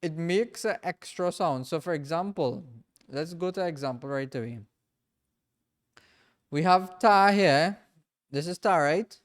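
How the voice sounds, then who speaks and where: Patient, smooth-voiced male teacher drilling sounds. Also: fairly high pitch, unhurried, pauses often. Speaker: Quran reading teacher. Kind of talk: classroom lesson. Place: mosque class with students present and online.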